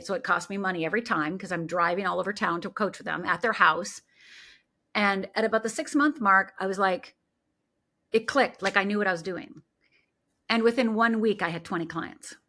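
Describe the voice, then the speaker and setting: A middle-aged woman speaks with a bright, forceful voice. She tells her story with lively energy and acts out the people she quotes. She speaks as a life coach in a relaxed interview. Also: medium pitch, moderate pace.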